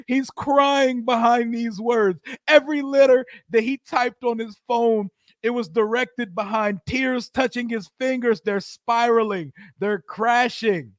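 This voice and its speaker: A man's voice: very high voice, measured pace, dry recording, studio quality. A man in his forties hosting a post-game fan livestream, hyped up and trash-talking brashly. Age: 40s. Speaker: livestream host.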